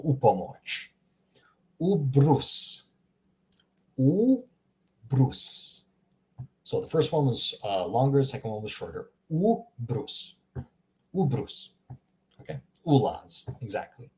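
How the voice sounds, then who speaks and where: A man's voice: mid-range voice, a little mellow. A man teaching pronunciation in a live online lesson, patiently repeating each word and answering viewers. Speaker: language teacher.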